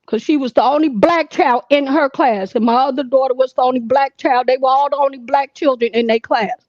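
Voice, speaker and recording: A woman's voice: sits high, fairly quick, darkish tone, no echo, lo-fi sound. A woman in her sixties calling in to tell a long personal story in an earnest, emphatic, repetitive way. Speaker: caller.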